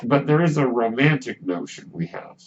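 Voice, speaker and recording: A man hosting his own podcast in a relaxed, musing monologue, speaking with a ventilator that is heard in the background. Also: medium pitch. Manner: relaxed, musing, with pauses and restarts. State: breathing with a ventilator. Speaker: podcast host. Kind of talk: casual solo podcast monologue. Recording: dull lo-fi sound with faint hum.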